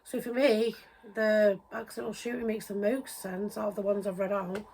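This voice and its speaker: A woman co-hosting a podcast in casual chat, talking earnestly in quick bursts. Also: mid-range voice, little pitch movement, gravelly, a little mellow, a little hiss or hum. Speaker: podcast co-host.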